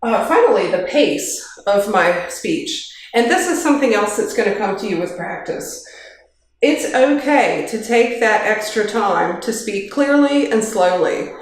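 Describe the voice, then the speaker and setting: A woman's voice: mid-range voice, expressive, a little slow. A woman gives a casual workplace training talk, practical and chatty, with light joking asides. She speaks into a handheld microphone. Her voice rings around a very echoey kitchen.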